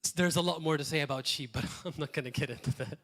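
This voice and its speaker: Pastor preaching, higher-pitched man. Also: fast talker, fairly bright tone. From Malta. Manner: conversational preaching with repeated phrases and short asides. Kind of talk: sermon.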